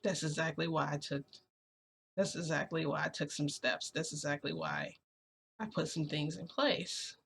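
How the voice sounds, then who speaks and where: Sly smirking young guy, as a girl puts him on, soft and low, pushy, bright tone. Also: lively intonation, moderate pace, gravelly, slight background noise. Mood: smug.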